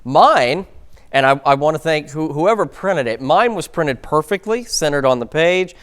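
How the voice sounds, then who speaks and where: A man's voice: fairly high pitch, expressive, moderate pace, fairly bright tone. Upbeat, chatty male TV weather anchor. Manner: chatty and upbeat, with stumbles and laughs. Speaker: morning news anchor and weather presenter. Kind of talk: local TV newscast, forecast and banter.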